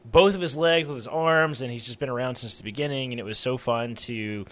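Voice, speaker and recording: A man co-hosting a podcast, telling animated convention stories in casual chat, acting out quotes and laughing often. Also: medium pitch, fairly quick. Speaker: podcast co-host.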